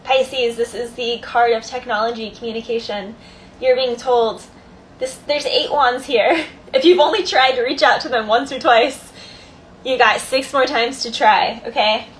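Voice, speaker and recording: A woman's voice: a little high, fairly even intonation, a little slow, fairly bright tone, slight background noise, rough recording. A woman doing a casual tarot card reading, chatty, thinking aloud and laughing easily. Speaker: tarot reader.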